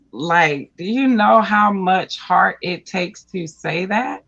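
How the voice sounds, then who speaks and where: Slow, earnest host with muffled, lo-fi audio. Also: mid-range voice, expressive, vocal fry, a bit bright. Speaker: podcast host. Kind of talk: casual interview. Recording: dull lo-fi sound.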